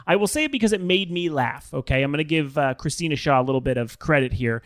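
Man, podcast host, jokey, quick, slightly high, dry studio sound. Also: animated, no echo. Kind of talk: casual comedy podcast chat.

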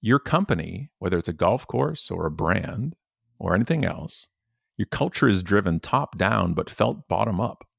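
Forties male podcast guest, emphatic and animated; very low, lively pitch. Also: moderate pace, vocal fry, slightly rough, dry recording, clean studio sound. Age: 40s. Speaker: guest speaker. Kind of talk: conversational podcast interview.

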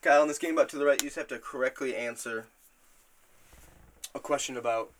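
A man hosting a casual podcast, retelling scenes in a rambling, profane, animated way. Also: mid-range voice, fast, a little hiss or hum. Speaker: podcast host.

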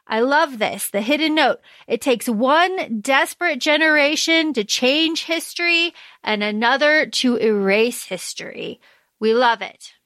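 A woman's voice: high-pitched, a little slow, fairly bright tone, dry recording, clean studio sound. A woman co-hosting a podcast, chatting casually about a book and reading out quotes between filler ums. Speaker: podcast co-host.

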